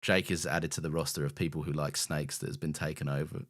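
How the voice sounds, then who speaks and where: A young man co-hosting a podcast, chatting in a laid-back, sweary way with deadpan jokes. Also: a bass voice, fast talker. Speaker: podcast co-host. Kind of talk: casual banter.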